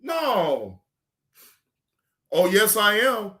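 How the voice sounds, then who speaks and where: A man hosting a casual reaction stream, ranting in an animated, emphatic and joking way. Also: sits high, extremely slow. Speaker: streamer host.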